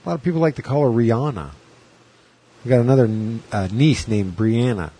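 A man's voice: medium pitch, expressive, fast, mellow, slightly rough. A man in his forties co-hosting a podcast, rambling and joking in casual chat. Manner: rambling, jokey, drifts into sing-song bits. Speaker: podcast co-host.

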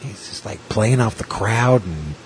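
A man's voice: lowish voice, animated, unhurried, a little hiss or hum. A man who does stand-up, chatting casually and rambling through anecdotes, acting out the people he quotes. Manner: rambling storyteller, acts out quotes with laughs. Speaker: stand-up comedian. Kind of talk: casual chat.

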